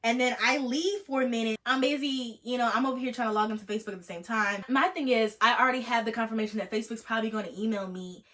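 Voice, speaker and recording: A young woman vlogger telling a story in a sassy, animated way, acting out the text messages. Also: fairly high pitch, quick pace, hardly any pauses. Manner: animated, sassy, acts out texts. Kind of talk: storytime chat.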